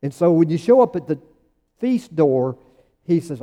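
A man's voice: fairly high pitch, big pitch swings, moderate pace, warm tone, dull audio. A man preaching a sermon in a conversational, emphatic way, with sudden rising bursts. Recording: long church reverb.

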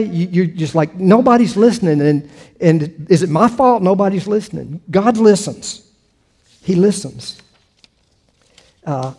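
An older man delivering a sermon in a loose, conversational way, often restarting his sentences and asking the listeners questions. His voice sits a little high for a man and has a mellow, warm tone. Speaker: pastor.

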